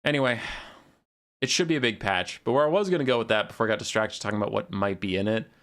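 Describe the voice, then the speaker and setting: Casting a strategy game on a live stream, a young man talks fast in a lowish, slightly bright voice. His casual commentary is loose, rambling and sarcastic.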